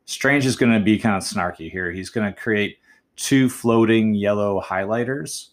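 Man, lowish voice, podcast host, chatty writing coach, muses aloud, encouraging. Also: moderate pace. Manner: chatty and encouraging, addresses listeners as folks; muses aloud, weighing options with questions. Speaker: movie essay podcast host. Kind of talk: thinking-aloud writing tutorial.

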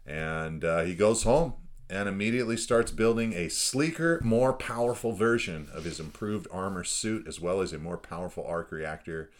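Deep-voiced dad recapping a movie. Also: male voice, animated, normal speed. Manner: rambling, laughs often, fillers. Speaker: podcast co-host, father. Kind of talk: casual chat recapping a film.

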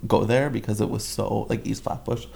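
Rambling young man, gravelly voice. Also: lowish voice, flat delivery, normal speed, darkish tone, roomy sound. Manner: rambling storytelling with many filler words. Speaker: guest storyteller. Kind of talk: casual chat.

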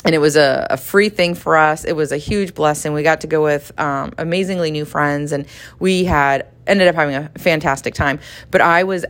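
A middle-aged woman, teaching a devotional in a chatty, animated way, acting out little dialogues. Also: low voice, normal speed. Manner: conversational, animated, acts out dialogue, laughs often. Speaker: podcast host and Bible teacher.

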